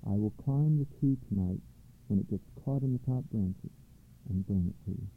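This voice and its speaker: A man voicing a kind, clever court jester who speaks softly and thoughtfully, over a tinny line. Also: lowish voice, husky. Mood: gentle. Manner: soft, slow and thoughtful. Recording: tinny phone-like line, dry.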